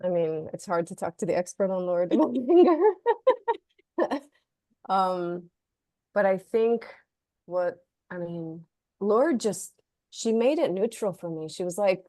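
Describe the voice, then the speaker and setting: A woman speaking as a guest author in an easygoing conversation, chatty and full of "like," and she slips into quoted inner voices as she explains. Her voice sits at a middling pitch for a woman. The sound is dry and close, with no room echo. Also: moderate pace, dark tone. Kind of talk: casual conversational discussion.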